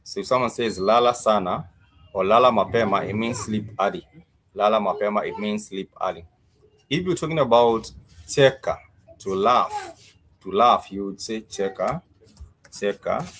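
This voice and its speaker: A man teaching Swahili words in a live-streamed lesson, slowly repeating each word and its meaning, with many fillers. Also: lowish voice, a bit bright, a little hiss or hum.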